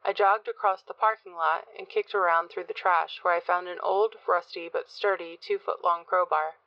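A woman's voice: on the low side, fairly even intonation, normal speed, no room sound. Woman narrating horror, dry and dull. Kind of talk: scripted horror audiobook narration.

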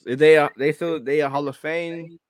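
A man co-hosting a podcast in relaxed casual chat, laid-back with easy laughter. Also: on the high side, normal speed, no echo, clean studio sound. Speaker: podcast co-host.

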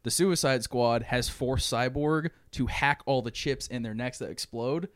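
A man casually co-hosting a podcast, retelling a movie idea in a rambling, animated way with plenty of swearing. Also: mid-range voice, measured pace, no echo, clean studio sound. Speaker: podcast co-host. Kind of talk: casual chat, pitching a movie plot.

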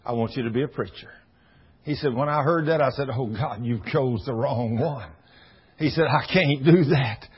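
A man's voice: mid-range voice, moderate pace, breathy edge, lo-fi sound. A man preaching a folksy sermon, telling stories and acting out the dialogue in shifting voices. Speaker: pastor.

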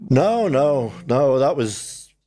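An older man, telling his life story in a relaxed conversation and acting out the voices of people in it. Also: mid-range voice, slow. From New Zealand. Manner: animated storyteller, acts out his own past voice and others. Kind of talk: conversational testimony.

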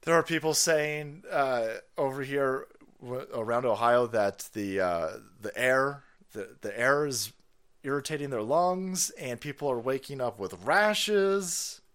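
A man's voice: medium pitch, expressive, a little slow, a bit bright, clear, resonant tone. Sarcastic, foul-mouthed man ranting. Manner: profane, sarcastic, laughs often. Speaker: streamer host. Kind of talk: ranting live stream commentary.

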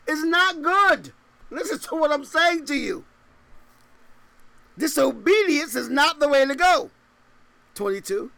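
A pastor preaches in an extremely high male voice with vocal fry, at a measured pace and with long pauses. After reading scripture in old-style English, he animatedly fires rhetorical questions in casual slang and laughs between points.

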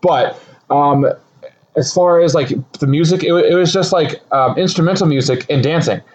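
A man's voice: on the high side, normal speed, a little mellow, rough recording. A man co-hosting a casual chat about a movie, rambling and filling his talk with "like" and restarts. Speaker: podcast co-host.

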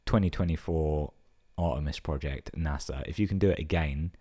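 A man's voice: a bass voice, moderate pace, dark tone, breathy edge. A man hosting a podcast, reading listener stories out casually, swearing a lot and laughing at the jokes. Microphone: podcast microphone.

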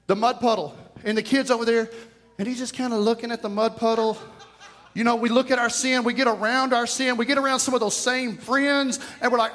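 A man preaching a lively, storytelling sermon, out of breath, shouting at moments. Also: very high voice. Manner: storytelling, animated, breaks into shouts and laughs. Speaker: pastor. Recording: long hall reverb.

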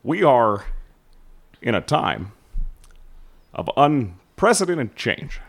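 A man putting on a smooth male statesman who gives a slow, measured address with long pauses. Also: medium pitch, very animated, exaggerated voice. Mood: solemn.

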